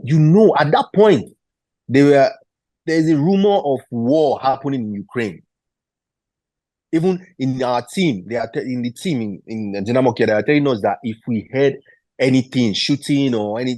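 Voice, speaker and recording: Appearing as an interview guest, a former footballer in his thirties tells a story and animatedly acts out the quoted dialogue. His voice sits lowish, and the recording is dry.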